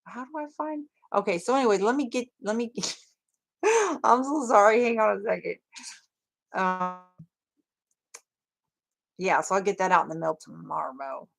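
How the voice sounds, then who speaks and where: A woman's voice: medium pitch, normal speed, gravelly, long pauses. A woman rambling chattily to viewers of her livestream, full of fillers. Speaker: crafting livestream host. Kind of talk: casual livestream chat.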